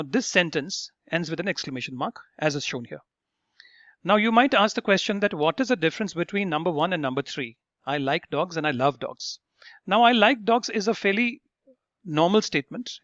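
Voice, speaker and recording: A man gives a step-by-step grammar lesson and keeps checking in with his listeners. His voice sits a bit high for a man. The sound is dry and a little muffled, with no room echo. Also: a bit bright. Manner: explains step by step, checks in with "right?". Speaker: English teacher. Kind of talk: explanatory lesson.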